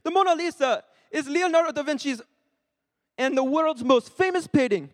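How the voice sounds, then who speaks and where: A man's voice: extremely high pitch, animated, moderate pace, no echo, in a large hall, voice pushed up. A man reading a text aloud in a playful put-on Italian accent, stumbling now and then.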